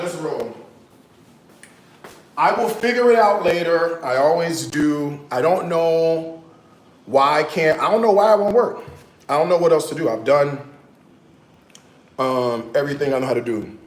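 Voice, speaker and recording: A man hosting a cooking livestream from his home kitchen, chatting straight to his viewers in a casual, animated way, often dropping to a hushed, half-sung tone. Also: a little high, echoey room. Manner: slips into hushed, half-sung tones now and then.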